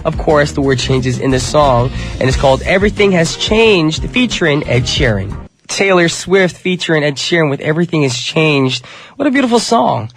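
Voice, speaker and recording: A man's voice: on the high side, big pitch swings, normal speed, soft background music. A man hosting a radio show in a chatty, upbeat style, his voice nasal from a cold. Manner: upbeat, chatty, addresses listeners as you guys. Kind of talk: casual radio DJ patter. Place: radio studio.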